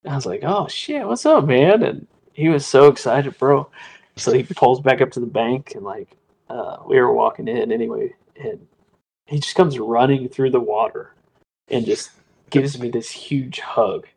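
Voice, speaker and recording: A man's voice: medium pitch, fairly even intonation, moderate pace, creaky, darkish tone, slightly rough, low-quality recording. A man hosting a podcast, telling a story in a laid-back, slangy way, leaning on "like" and "dude.". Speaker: podcast host. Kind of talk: casual storytelling chat.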